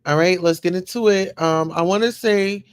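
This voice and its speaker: A woman's voice: fairly low pitch, moderate pace, clear, resonant tone, no room sound, studio quality. A woman hosting a casual livestream, chatting as she reads news and viewer comments aloud and reacts to them. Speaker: livestream host.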